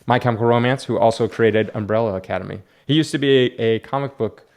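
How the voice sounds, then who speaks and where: Brief: casual male vlogger, rambling storyteller, average pitch. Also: quick pace, gravelly, darkish tone. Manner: chatty, rambling storyteller with frequent fillers and restarts. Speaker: comic book collector vlogger. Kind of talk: casual vlog chat.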